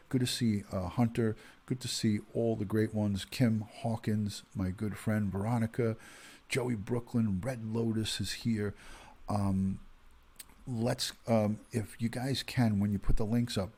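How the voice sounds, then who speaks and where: A husky man in his fifties chats casually on a livestream. His voice sits low, and he greets viewers by name, his talk full of ums and uhs. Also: mellow. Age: 50s. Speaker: retired police detective hosting a livestream.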